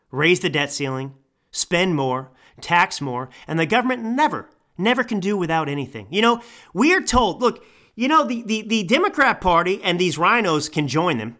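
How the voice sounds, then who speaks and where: A man in his thirties rants angrily into a microphone as a podcast host. His voice sits high and swings widely in pitch. The tone is bright and forceful, close to a yell. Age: 30s. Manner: angry, ranting, yelling. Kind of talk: political commentary rant. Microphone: studio microphone.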